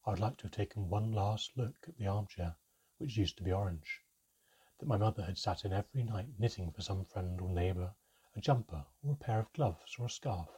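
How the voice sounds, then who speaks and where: A man reading a fantasy storybook aloud in first person, with a steady, measured delivery. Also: lowish voice, slightly rough. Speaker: audiobook narrator.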